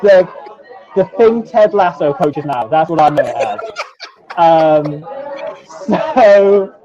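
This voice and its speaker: A Welsh man with a dark, mellow tone, answering as a guest in a self-deprecating, chuckling way. He pauses on fillers often. His audio sounds dull and lo-fi. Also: on the high side, lively intonation. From Wales. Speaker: guest, YouTube rugby analyst. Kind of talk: casual interview chat.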